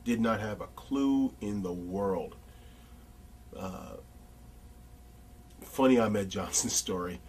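A man as an interview guest, telling casual anecdotes in an animated, blunt way with some profanity. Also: lowish voice, slow, pauses often, far from the mic, slight background noise.

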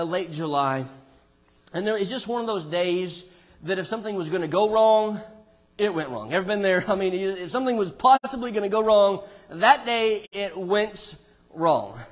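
A man preaching a sermon in a church, dropping to a hush and then rising to loud, emphatic passages. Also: high-pitched. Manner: dramatic swings from hushed to loud preaching. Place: church sanctuary.

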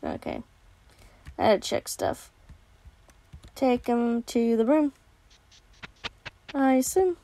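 A woman's voice: a little high, lively intonation, takes it slowly, creaky, long pauses, warm tone. Playful young woman streaming a game. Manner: playful, swears casually, reads characters' lines aloud. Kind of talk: casual let's-play commentary reading game dialogue.

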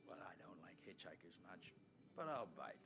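An actor playing a gruff, bored man in a roadside bar who talks in a dry, mocking drawl. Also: low voice, sing-song, normal speed, very noisy, exaggerated voice.

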